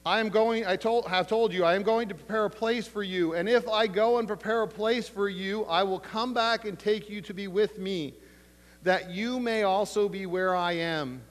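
A male pastor preaching a sermon, emphatic, with slow dramatic pauses and retold conversations. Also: high-pitched. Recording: long hall reverb.

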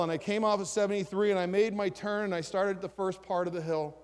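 A man preaching a sermon, reading scripture aloud and putting questions to the congregation in an animated way. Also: high-pitched, fast, clean tone. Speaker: pastor. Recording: reverberant hall sound.

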